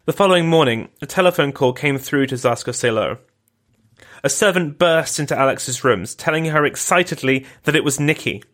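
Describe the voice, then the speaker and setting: A man hosting a podcast, giving scripted historical narration in a measured, grave way. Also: on the high side, a bit bright. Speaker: podcast host.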